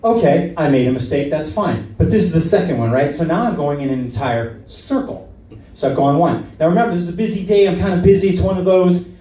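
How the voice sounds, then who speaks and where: A man doing live stand-up with a high, mellow voice, full of animated shouting and asides to the crowd. He is picked up from a distance in an echoey room. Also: brisk. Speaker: stand-up comedian.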